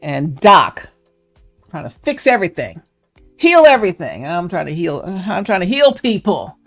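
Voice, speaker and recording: A woman's voice: lowish voice, very animated, measured pace, soft background music. A woman hosting a casual livestream, musing playfully and shifting into encouragement, now and then acting out little character voices. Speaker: live stream host.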